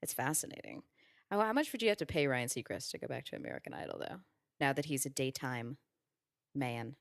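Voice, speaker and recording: A woman hosting a podcast, chatting casually, curious and quick to laugh. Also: extremely low pitch, sing-song, vocal fry, no echo, studio quality. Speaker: podcast host.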